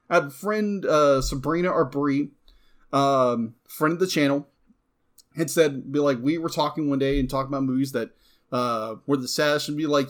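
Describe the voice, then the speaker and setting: Man, somewhat high-pitched, passionate, ranting, casual film review chat. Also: moderate pace. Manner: heated, ranting, voice swings up when angry. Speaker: co-host.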